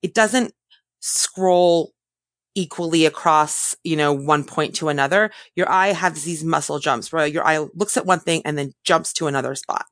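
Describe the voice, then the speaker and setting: A woman therapist answering interview questions in a thoughtful way, often pausing and correcting herself. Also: low voice, a bit bright, no echo, studio quality. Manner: thoughtful, self-correcting, many fillers.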